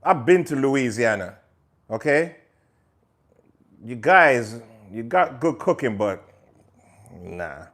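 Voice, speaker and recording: A man's voice: mid-range voice, big pitch swings, slow pace, long pauses, fairly bright tone. A man hosting a live cooking stream, chatting to viewers while he cooks and slipping into patois now and then. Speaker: cooking show host. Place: home kitchen.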